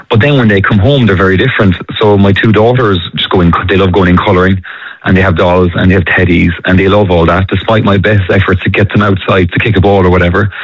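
A man calling a radio show, explaining himself in a measured, slightly hesitant way. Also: low-pitched, dry recording. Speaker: caller. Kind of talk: radio phone-in chat. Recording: dull phone-line sound.

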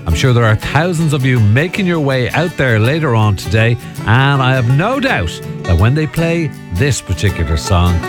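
A man's voice: mid-range voice, big pitch swings, normal speed, hardly any pauses, over music. A man hosting a chatty radio entertainment segment, laughing at his own asides. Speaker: radio host.

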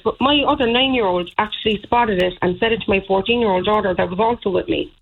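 Indignant Irish woman on a phone line. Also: on the high side. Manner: rambling, indignant storytelling with many fillers. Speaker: caller. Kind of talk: phone-in call.

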